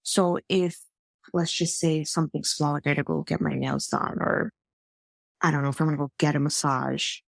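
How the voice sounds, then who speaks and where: Relaxed New woman, a little low. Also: moderate pace, creaky, no room sound. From New Jersey, USA. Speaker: guest, stay-at-home mom. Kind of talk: casual chat.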